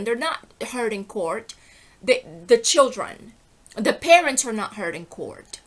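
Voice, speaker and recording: A woman's voice: a little high, a bit bright. A middle-aged woman giving an impassioned, rambling personal monologue, indignant and often breaking off to ask "okay?". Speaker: vlogger.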